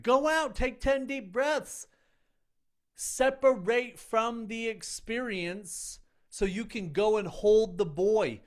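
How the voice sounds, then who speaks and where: A man's voice: high voice, slow. A middle-aged man coaching other men in an earnest, emphatic self-help talk, speaking in short punchy phrases. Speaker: men's coach.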